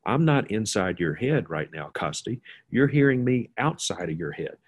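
A man's voice: fairly low pitch, very animated, normal speed, husky. A man explaining a Bible passage in an informal, conversational way, with asides and restarts. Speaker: guest teacher.

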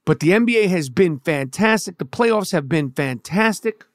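A man's voice: high-pitched, expressive, moderate pace, no echo, clean studio sound. A man with a New York accent hosting a podcast, ranting heatedly with lots of profanity and stammered restarts. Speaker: podcast host. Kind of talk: casual monologue rant.

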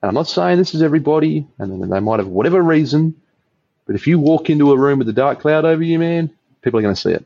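A man's voice: a little high, animated, fast talker, gravelly, mellow, no room sound, lo-fi sound. A man with an Australian accent, a podcast guest chatting casually over beers, rambling, swearing freely and laughing a lot.

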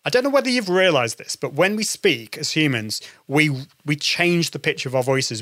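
A man coaching voice warm-ups on a podcast, encouraging and quick to demonstrate. His voice is bright and pitched a little high. The recording is close and dry, with no room sound. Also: big pitch swings, no echo. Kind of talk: instructional podcast talk.

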